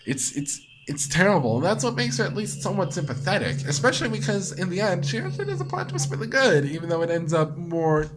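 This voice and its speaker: Man, let's play host, excitable, cursing, animated pitch, noisy recording. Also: quick pace, few pauses. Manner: excitable, swears freely, rambling with fillers. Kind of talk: casual gameplay commentary.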